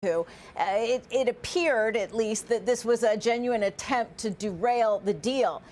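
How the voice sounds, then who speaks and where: A woman reporter analysing diplomatic news live in a measured, explanatory way, with some fillers and restarts. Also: on the high side, a little mellow.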